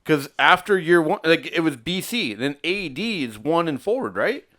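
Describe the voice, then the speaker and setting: A man's voice: a little high, big pitch swings, normal speed, sharp tone. A middle-aged man, a father co-hosting a podcast, thinking aloud in rambling casual chat at home. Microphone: stand mic.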